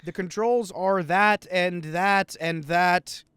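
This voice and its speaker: A man's voice: high-pitched, steady tone, slow pace, a bit bright, clear, resonant tone. A man co-hosting a casual let's play, joking, swearing and trailing off mid-sentence. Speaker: gaming channel co-host.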